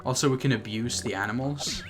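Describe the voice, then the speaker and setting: A man's voice: mid-range voice, brisk, a bit bright, soft background music. A man giving casual, joking commentary while streaming a video game. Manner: chatty, laughs at own jokes, nostalgic.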